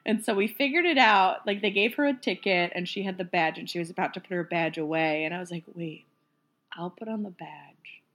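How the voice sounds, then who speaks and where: A woman's voice: on the low side, fast talker, hardly any pauses, a bit bright. A young woman casually telling a story in a podcast chat, giggly and full of "like"s.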